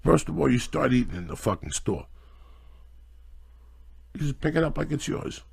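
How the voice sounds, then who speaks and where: A middle-aged man hosting a casual podcast chat, ranting loudly and profanely in a preachy way. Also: medium pitch, very animated, normal speed. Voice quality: gravelly and husky. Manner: loud, profane, preachy rants. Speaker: podcast host.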